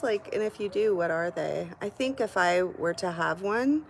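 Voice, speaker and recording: A woman's voice: fairly low pitch, lively intonation, measured pace, creaky, a little hiss or hum. A middle-aged woman hosting a live stream from home, chatting casually and candidly with her viewers and swearing freely. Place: at home, indoors.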